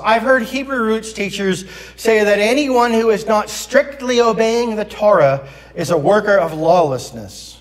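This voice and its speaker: Slow high-voiced male preacher in a reverberant church. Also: animated. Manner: earnest, preaching to the congregation, self-deprecating asides. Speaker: pastor. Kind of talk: sermon. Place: church sanctuary.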